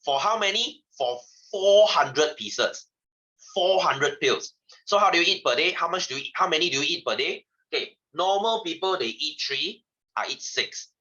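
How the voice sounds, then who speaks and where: A man's voice: on the high side, animated, moderate pace, bright, forceful tone, lo-fi sound. A man giving a chatty science lesson to his class, asking questions and repeating himself. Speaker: science teacher. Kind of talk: classroom lecture.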